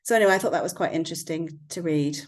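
West Country woman, somewhat low voice, thoughtful casual podcast talk. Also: racing. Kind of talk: casual chat.

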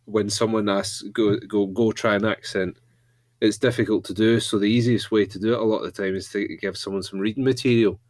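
A man's voice: fairly low pitch, steady tone, quick pace, few pauses, a little mellow, no room sound. A man telling an anecdote in casual chat, often restarting his sentences.

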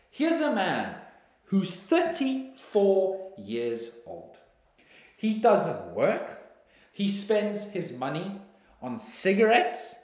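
A man with a South African accent giving an indignant, casual monologue. He swears freely and sometimes bursts into shouting. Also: mid-range voice, roomy sound.

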